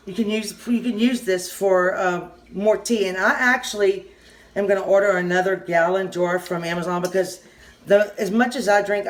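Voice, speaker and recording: A middle-aged woman with a Southern US accent giving a casual kitchen how-to, rambling and halting, often stopping mid-sentence to restart. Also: on the low side. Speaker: home cooking channel host.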